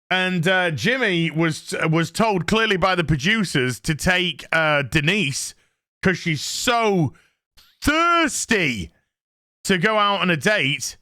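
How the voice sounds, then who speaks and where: An older man rips into a reality show with irreverent, mocking commentary, laughing as he goes. His voice is bright and sharp, and it swings up and down a lot, sitting a touch high for a man. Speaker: YouTube commentator.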